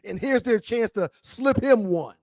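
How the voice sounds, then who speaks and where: A man co-hosting a casual sports talk show, chiming in with quick agreement and stumbling restarts. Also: extremely high pitch, animated, a little mellow, no room sound.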